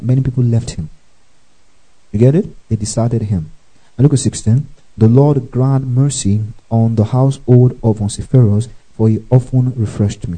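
A male pastor teaches from the Bible in a sermon, spelling words out letter by letter and checking in with listeners through frequent "okay" and "praise the Lord." His voice is medium-pitched and mellow, on a low-quality recording.

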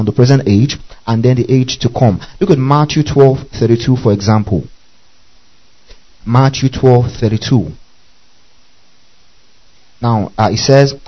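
A man's voice: mid-range voice, mellow, muffled recording. A man teaching a Bible study, spelling out Greek words letter by letter and checking in often with his listeners.

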